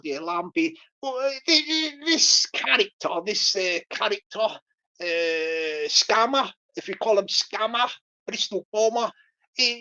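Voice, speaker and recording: A woman talking casually on a livestream, rambling through her points with false starts and chuckles. Her voice sits somewhat high for a woman. The sound is dull and lo-fi. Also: sharp tone. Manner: rambling, many fillers and restarts, chuckles. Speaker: YouTube livestreamer. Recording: lo-fi dull stream audio.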